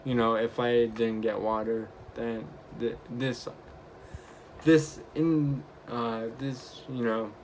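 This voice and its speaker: A young man vlogging, casually retelling his week with lively quoted bits of dialogue. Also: mid-range voice, takes it slowly, a little hiss or hum. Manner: chatty, animated retelling with acted quotes. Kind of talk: casual storytelling vlog.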